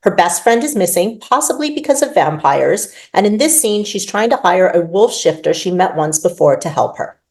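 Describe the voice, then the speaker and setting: A woman author reading her own urban fantasy novel aloud, in expressive first-person narration. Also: fairly low pitch, normal speed, few pauses.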